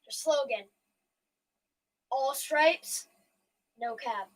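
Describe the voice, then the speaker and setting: A woman's voice: high voice, extremely slow. A woman co-hosting a podcast, teasing the host playfully from off-mic.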